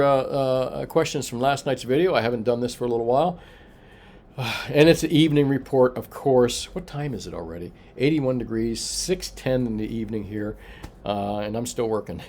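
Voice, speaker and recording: A Florida man hosts a casual evening livestream price report from his coin shop, chatting loosely with lots of filler and responding to viewer comments. His voice is medium-pitched with a darkish tone.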